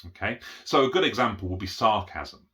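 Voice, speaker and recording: A man's voice: lowish voice, animated, a little fast, pushed and bright. A middle-aged man giving an unscripted one-take talk about autism, explaining step by step and often checking understanding with "okay?". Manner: frequent restarts and fillers. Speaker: autism educator.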